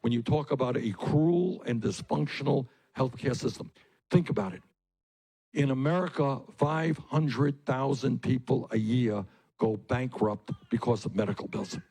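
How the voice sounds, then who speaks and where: A man running for office gives a campaign rally speech, repeating his points with emphasis and building them up to forceful peaks. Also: medium pitch, a little slow, low-quality recording. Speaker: political candidate. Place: public rally.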